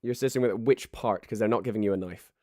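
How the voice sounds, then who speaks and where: A man narrating a tabletop game as game master, lively and quick to slip into character voices. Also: fairly low pitch, no room sound, studio quality. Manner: animated, yelling in character voices.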